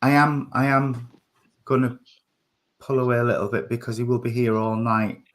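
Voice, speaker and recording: A man's voice: medium pitch, flat delivery, normal speed, fairly bright tone. A man, working as a spiritualist medium and giving a hesitant, emotional reading during a church service, with many fillers.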